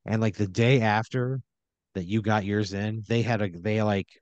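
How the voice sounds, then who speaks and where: A man's voice: fairly low pitch, fairly even intonation, moderate pace, dry recording, lo-fi sound. A man narrating an improvised role-play scenario in a rambling, filler-heavy way.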